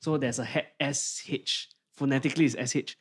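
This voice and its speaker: A man with a Singaporean English accent, explaining a point in casual podcast chat, pausing and hunting for the right word. His voice sits at an ordinary middle pitch. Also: steady tone, a bit bright, breathy edge. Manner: explanatory, hesitant, searching for words. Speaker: podcast co-host.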